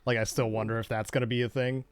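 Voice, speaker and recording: A man co-hosting a casual gaming podcast, talking in a relaxed, rambling way that often trails off. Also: mid-range voice, quick pace, smooth, no room sound. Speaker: podcast co-host.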